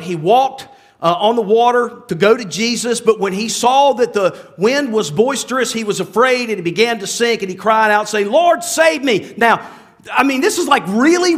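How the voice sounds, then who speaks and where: A man's voice: very high-pitched, fairly bright tone. A man preaching a sermon in a conversational way, with many asides and restarts, often asking the listeners rhetorical questions. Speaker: pastor.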